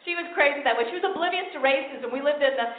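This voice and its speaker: A woman's voice: high voice, racing. A woman from New York City doing a stand-up comedy set in a punchy, playful way, over an echoey, tinny, noisy recording. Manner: punchy, playful, mimics family members.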